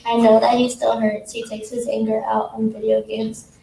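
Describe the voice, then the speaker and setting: A teenage girl reading her own poem aloud at a school event, soft-spoken with a nervous laugh. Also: a little high, completely flat delivery, normal speed, vocal fry. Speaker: student poet. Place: school auditorium. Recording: echoey hall from far off, faint noise.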